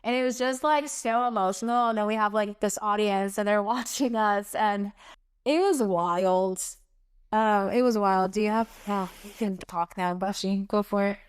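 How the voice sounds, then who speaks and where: A woman's voice: mid-range voice, moderate pace, clear, resonant tone. A young woman hosting a podcast, telling a story in a rambling, casual way full of fillers and acted quotes. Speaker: podcast host. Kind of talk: casual chat.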